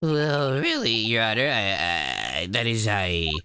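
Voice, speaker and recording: A man's voice: lowish voice, sing-song, slow, bright, forceful tone, a little hiss or hum, voice pushed down, full character voice. A man voicing a nervous male prosecutor who stammers and gets flustered. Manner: stuttering and flustered.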